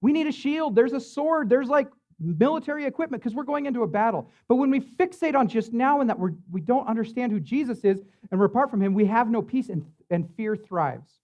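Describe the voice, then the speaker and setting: High-voiced pastor preaching casually. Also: male voice, animated, a little fast, few pauses, a little mellow, dull audio. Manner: conversational, filler-heavy preaching with tag questions. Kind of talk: sermon. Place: church.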